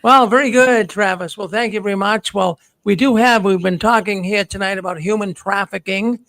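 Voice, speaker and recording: A man hosting a live talk show, speaking haltingly with many fillers. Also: high-pitched, vocal fry, a bit bright, dry recording, low-quality recording. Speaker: host.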